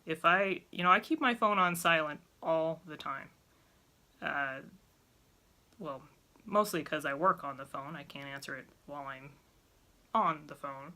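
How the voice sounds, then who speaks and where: Vlogger, woman, blunt and exasperated; lowish pitch, bright, forceful tone. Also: unhurried, long pauses. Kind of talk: casual talk to camera.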